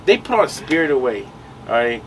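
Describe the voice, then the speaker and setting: A man's voice: medium pitch, sing-song, fairly quick, fairly bright tone. A young man co-hosting a podcast, telling a long story in a rambling, slangy way full of fillers. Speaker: podcast co-host. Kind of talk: casual storytelling chat. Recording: distant mic with noise behind.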